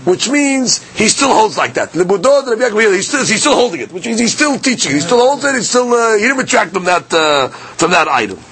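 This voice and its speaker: High-voiced man teaching Talmud. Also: very animated, a little fast, few pauses, a bit bright, a little hiss or hum. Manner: explains Aramaic text line by line in English, asks "okay? right?". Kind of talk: daily Talmud class.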